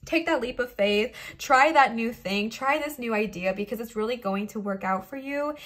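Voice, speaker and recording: A young adult woman giving a casual pick-a-card tarot reading, encouraging and animated, often checking in with "okay?" and "all right?". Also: on the high side, moderate pace. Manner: animated, laughs and talks while moving cards. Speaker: tarot reader.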